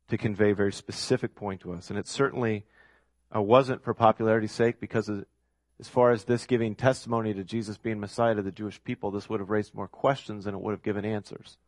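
A man's voice: on the low side, steady tone, brisk, dry recording. Emphatic male preacher, dry close sound. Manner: emphatic, repeats key phrases for effect. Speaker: pastor. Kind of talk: sermon.

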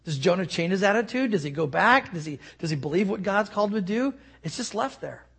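A male pastor giving a sermon, telling stories earnestly and often dropping to a soft hush. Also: high voice, animated, fast, gravelly, slightly rough.

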